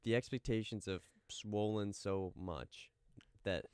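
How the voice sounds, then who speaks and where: A man's voice: lowish voice, slow, darkish tone, clear, resonant tone, no echo, clean studio sound. A young man co-hosting a casual sports radio talk show, wry and teasing. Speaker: co-host. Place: radio studio. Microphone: studio microphone.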